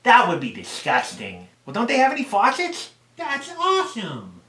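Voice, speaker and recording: A man voicing a young boy with a lateral lisp, speaking in excitable, childish exclamations. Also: very high voice, moderate pace, slight background noise, voice pushed up, heavily acted. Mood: excited. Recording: roomy echo.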